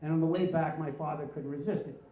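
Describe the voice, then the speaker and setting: A man with a somewhat high but mellow, dark-toned voice tells a wry story from his family life at a live story slam. He acts out the people he quotes with lively energy. His voice carries the echo of a roomy hall. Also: fast, slight background noise. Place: stage in a room with an audience.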